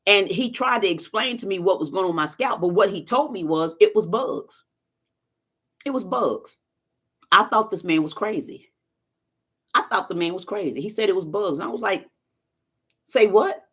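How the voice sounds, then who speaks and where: A woman's voice: medium pitch, lively intonation, moderate pace, a bit bright, slightly rough. A woman chatting casually to viewers on a live stream, telling stories in a folksy, talkative way. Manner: chatty storyteller, talks straight to viewers, folksy phrasing. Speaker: vlogger doing a live stream.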